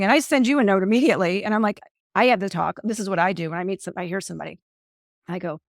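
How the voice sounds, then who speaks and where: Fast-talking gushing woman host, gravelly. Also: medium pitch, animated, no room sound, clean studio sound. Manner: gushing and effusive, acts out quotes. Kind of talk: casual interview chat.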